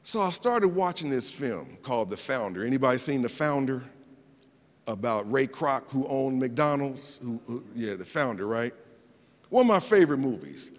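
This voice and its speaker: A middle-aged man, a guest speaker, telling personal stories in an animated way, often repeating words and acting out the people he quotes. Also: medium pitch, moderate pace. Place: event hall. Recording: long hall reverb.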